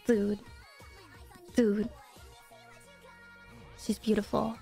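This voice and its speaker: A woman's voice: medium pitch, flat delivery, drawn-out words, creaky, warm tone, faint music behind. A woman streaming as a VTuber, chatting casually and gushing through a story with lots of giggles.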